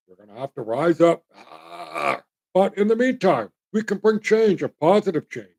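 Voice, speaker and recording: A man's voice: fairly high pitch, warm tone. A middle-aged man from Canada hosting his own show, rambling bluntly and folksily as he talks straight to his viewers. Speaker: host. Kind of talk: opinionated solo commentary.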